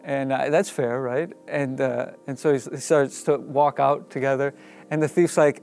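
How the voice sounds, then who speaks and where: A man telling a story in a casual, animated way, laughing often and using many fillers. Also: medium pitch, normal speed, gravelly.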